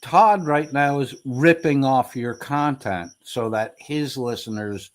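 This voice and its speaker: A streamer with a medium-pitched voice reacts to replayed clips, speaking slowly. His commentary is heated, mocking and taunting, and full of profanity.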